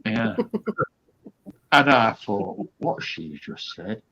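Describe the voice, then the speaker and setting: A man's voice: fairly low pitch, big pitch swings, drawn-out words, pushed and bright, dull audio. A man, a guest comedian, telling a rambling backstage anecdote full of quoted asides and fillers.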